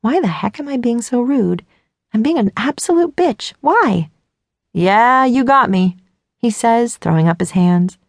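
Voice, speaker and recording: A woman's voice: a little high, very animated, normal speed, creaky, dark tone, slightly rough, no echo. A woman narrating a first-person audiobook in a self-mocking, flustered voice, close to the mic.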